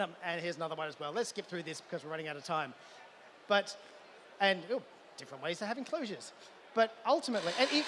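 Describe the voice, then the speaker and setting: A man's voice: high-pitched, sharp tone, slight background noise. An Australian man giving a live conference talk, enthusiastic and full of stammering restarts. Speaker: conference speaker. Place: event hall.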